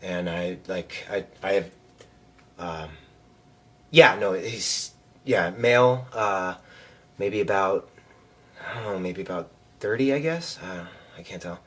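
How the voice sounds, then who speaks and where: A man's voice: low voice, measured pace, pauses often. A young man talking hesitantly and nervously, full of fillers and restarts. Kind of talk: casual phone call and self-recording.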